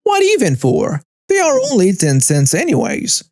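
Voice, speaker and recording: A man's voice: huge pitch swings, moderate pace, no echo, clean studio sound. A man voicing a shrieking entitled mother. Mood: indignant. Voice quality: shrill and shrieking. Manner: accusing, yelling. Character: screeching entitled mother, adult woman, hostile.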